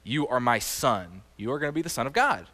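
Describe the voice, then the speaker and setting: A man giving an animated, conversational sermon as a teacher, often quizzing his audience. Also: mid-range voice, brisk. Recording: long hall reverb.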